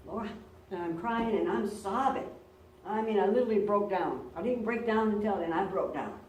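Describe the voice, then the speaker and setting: A woman pastor preaching in a church, earnest and storytelling, often repeating her words for emphasis. Her mid-pitched voice sits well back from the mic, carried by a roomy echo with faint noise behind it. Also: moderate pace, darkish tone. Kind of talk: sermon with personal stories. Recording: roomy church, recorded from a distance.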